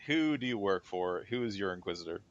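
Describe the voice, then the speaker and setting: A man's voice: low-pitched, expressive, brisk, lo-fi sound. A man doing a coy, aloof cyborg lady captain. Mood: dismissive.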